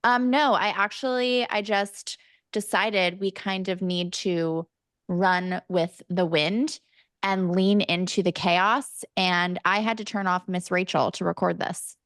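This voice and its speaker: A young woman chatting on a podcast, talking in a self-mocking, jokey way. Her voice sits at an ordinary middle pitch. It is recorded close and dry, with no room sound. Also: steady tone, slow pace, fairly bright tone, no room sound. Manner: chatty, self-mocking, slips into playful Irish-accent bits. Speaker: podcast co-host. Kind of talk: casual chat.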